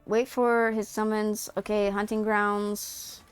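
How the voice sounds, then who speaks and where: Excitable, crisp-voiced woman streamer. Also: mid-range voice, slow, faint music behind. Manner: excitable, profane, giggly. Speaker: streamer playing a video game. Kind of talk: casual live-stream chat and reading game text aloud. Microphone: headset.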